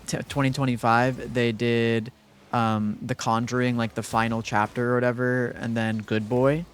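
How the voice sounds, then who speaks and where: A man's voice: medium pitch, flat delivery, normal speed, clean tone. A young man streaming live, chatting casually and rambling with lots of fillers while thanking viewers.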